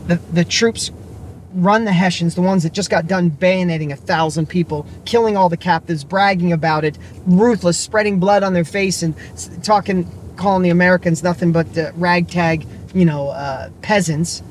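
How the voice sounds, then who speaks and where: Middle-aged male vlogger, high voice, emphatic motivational storyteller, faint noise behind. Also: moderate pace. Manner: excited, rambling, emphatic. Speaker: vlogger and business coach.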